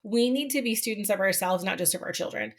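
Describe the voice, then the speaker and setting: A woman's voice: mid-range voice, fast talker. A middle-aged woman co-hosting a podcast, telling candid personal stories with many asides in casual conversation. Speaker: podcast co-host.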